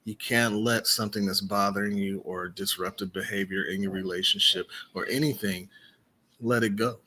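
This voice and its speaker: A man co-hosting a casual live chat as a marriage coach. He speaks in a measured, earnest way. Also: on the low side, fairly even intonation, pushed and bright, a little hiss or hum.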